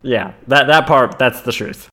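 A man's voice: mid-range voice, unhurried, pushed and bright. A man in casual podcast chat, wry and joking.

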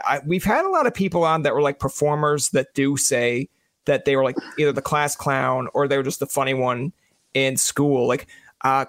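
A man's voice: medium pitch, fairly bright tone, dry recording, clean studio sound. A man from Canada hosting a podcast, chatting casually and joking, riffing with impressions of imagined people. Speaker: podcast host.

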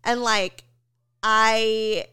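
A woman's voice: a little high, fairly even intonation, extremely slow, pushed and bright, clean tone, no room sound, clean studio sound. A woman guest on a podcast, of Filipino background, telling frank stories in casual chat with lots of giggles. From Philippines.

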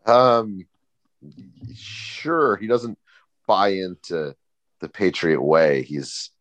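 Deep-voiced man in joking banter. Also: lively intonation, fairly bright tone, no room sound. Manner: quick joking banter with frequent laughs. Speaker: podcast co-host. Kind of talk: casual sports chat.

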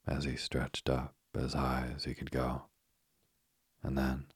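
A man softly reading a children's storybook aloud as a soothing, unhurried sleep story on a close mic. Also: rumbling low, completely flat delivery, husky, no room sound. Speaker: bedtime story reader. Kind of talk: slow sleep story narration.

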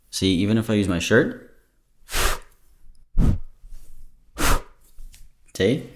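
A man with a very low, deep voice hosts a podcast in loose, casual chat. He sounds tired, and he rambles and jokes, drifting off on tangents. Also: sing-song, slow. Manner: rambling, joking, easily sidetracked. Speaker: podcast host.

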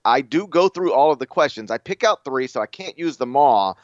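A man's voice: mid-range voice, lively intonation, a little fast, no echo, highs cut off. A man hosting a college sports podcast, reading listener questions in a rambling, self-deprecating way. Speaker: podcast host. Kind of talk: casual podcast chat.

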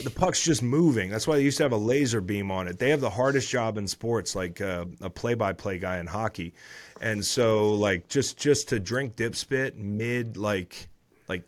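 A man in his thirties, a former football player hosting a podcast, recapping the week's games in casual chat with swearing and rambling asides. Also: lowish voice.

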